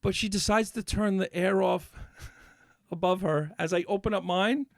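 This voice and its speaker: A man's voice: high-pitched, fairly even intonation, normal speed, creaky, no room sound, clean studio sound. A man on a podcast, ranting in a worked-up, swearing rush while telling a story in casual chat. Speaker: podcast co-host.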